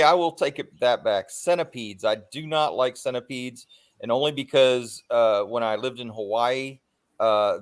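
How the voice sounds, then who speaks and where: A man chats loosely with his viewers on a livestream. He rambles from one topic to the next, stops often for ums and uhs, and swears without a second thought. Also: medium pitch. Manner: rambling, swears freely, frequent filler pauses. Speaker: livestream host. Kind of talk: casual livestream chat.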